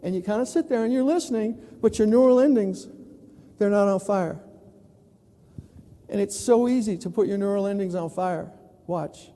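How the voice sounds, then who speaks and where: A man from New York tells stories on a conference stage and acts out the voices of the people he quotes. His voice sits high but sounds deep and mellow in tone. The sound has the long reverb of a large hall. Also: moderate pace, pauses often. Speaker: plenary speaker. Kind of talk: conference keynote storytelling.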